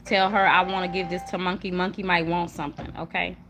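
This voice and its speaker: A chatty woman hosts a casual home livestream with kids nearby, hushing them mid-talk. She's emphatic, repetitive and warm toward viewers. Her lowish voice moves fast with little pitch movement.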